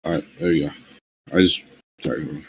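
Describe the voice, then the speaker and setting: A man's voice: extremely low pitch, fairly even intonation, moderate pace, husky, dry recording, rough recording. A man hosting a live stream, laid-back and hesitant, with plenty of ums between phrases. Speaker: stream host.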